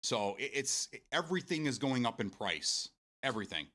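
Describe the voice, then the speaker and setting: Male streamer, loose chatty delivery with frequent laughter and cursing; bright, forceful tone with lively pitch. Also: moderate pace. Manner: laughs often, swears freely, talks to chat. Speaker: game streamer. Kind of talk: casual live-stream chat.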